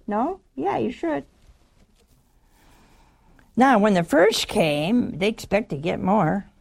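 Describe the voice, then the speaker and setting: A woman's voice: mid-range voice, big pitch swings, takes it slowly, vocal fry, a little mellow. A woman preaching a sermon in a teasing, conversational way, acting out the stories she tells.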